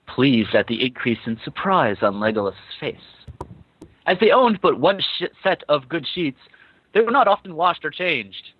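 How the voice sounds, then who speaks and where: A man's voice: a little high, sing-song, measured pace, husky, no echo. Guy hamming up a fanfic reading, voice jumps all over, kinda dull lo-fi sound. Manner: reads with breaks to laugh and comment. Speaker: podcast host reading fan fiction aloud. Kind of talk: comedic dramatic reading.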